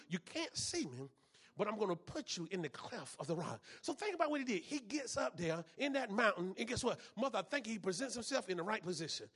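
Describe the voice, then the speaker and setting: A man preaching a sermon as pastor, repeating phrases and punctuating them with amens, swinging between hushed passages and loud ones. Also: high voice, breathy edge.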